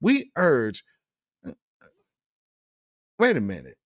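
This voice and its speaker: Animated man reacting to the news. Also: medium pitch, slow, no room sound, studio quality. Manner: animated, incredulous, reads quotes then reacts. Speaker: news commentary host. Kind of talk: casual news commentary.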